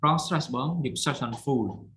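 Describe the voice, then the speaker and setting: The voice is a man teaching English over a video call, with a Cambodian accent and a mid-range pitch. He explains words patiently and drills stress and pronunciation. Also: measured pace, a bit bright, breathy edge, low-quality recording. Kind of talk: online English lesson.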